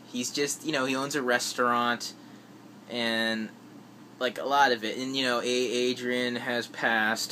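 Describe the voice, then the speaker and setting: A man's voice: mid-range voice, bright, forceful tone, slight background noise. A man rambling through his movie list in a casual vlog, with lots of fillers and restarts. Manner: rambling, many fillers and restarts, acts out quotes. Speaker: vlogger.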